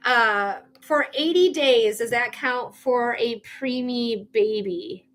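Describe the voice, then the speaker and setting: A woman's voice: a little high, slow pace, fairly bright tone. A woman psychic giving a casual live-stream reading, chatty and blunt, swearing freely. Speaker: psychic reader.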